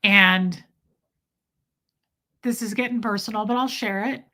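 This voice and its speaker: A woman's voice: medium pitch, measured pace, pushed and bright. A woman hosting a livestream, telling a heartfelt personal story to her chat in a confiding way with many restarts. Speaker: livestream host.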